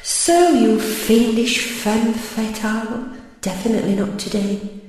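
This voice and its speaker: A woman's voice: on the high side, slow pace, a little mellow, faint music behind. Woman reciting poetry in an echoey hall. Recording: roomy hall with long reverb.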